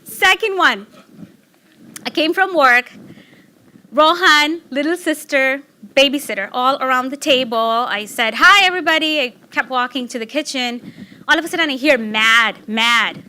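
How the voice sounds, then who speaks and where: A middle-aged woman giving a personal storytelling talk, animated and laughing, acting out excited quotes. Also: sits high, normal speed. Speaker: speaker giving a public talk.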